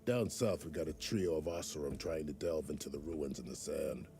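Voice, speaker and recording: An extremely deep, gruff male scout. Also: moderate pace, background noise. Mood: steady.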